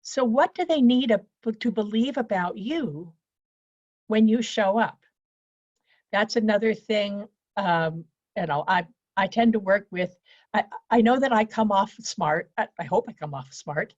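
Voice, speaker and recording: A woman's voice: mid-range voice, expressive, unhurried, a little mellow, dry recording, lo-fi sound. A woman coaching listeners on presentation skills, speaking in a straightforward, practical way over a video call. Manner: straightforward and practical, teaching in lists. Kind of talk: speaking to an online event.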